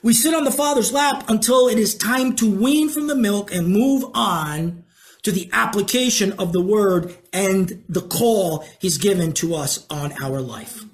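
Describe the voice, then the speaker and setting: In a medium-pitched voice, a preacher delivers a conversational teaching sermon. He puts questions to the congregation and shifts from slow, emphatic points to quick asides.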